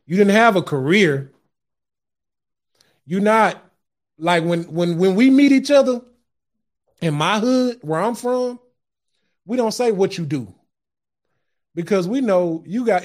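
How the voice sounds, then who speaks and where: High-voiced man preaching self-improvement. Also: animated, unhurried, pauses often. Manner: impassioned, repeats words when starting a thought; addresses listeners directly as guys and family. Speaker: podcast host. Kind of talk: motivational sermon-style talk.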